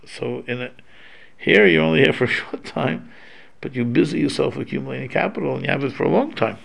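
A man's voice: medium pitch, animated, fairly quick, creaky, fairly bright tone. A man giving an informal religious lecture, talking in a loose conversational way with many restarts and Hebrew terms mixed in. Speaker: Torah teacher.

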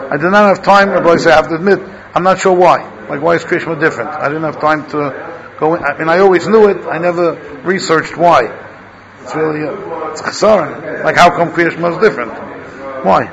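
A middle-aged man teaches a class, chanting lines of text and then breaking into relaxed English asides. His voice sits a little high. The recording carries the clear murmur of a room full of students. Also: poor audio. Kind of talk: Torah class, reading and explaining text. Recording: class recording with audience noise.

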